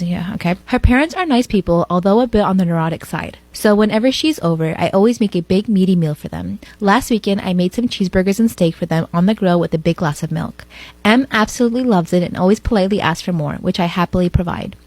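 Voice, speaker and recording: A woman's voice: lowish voice, fast talker, a little mellow, dry recording. A woman reading online posts aloud in a casual way, tossing in sarcastic asides.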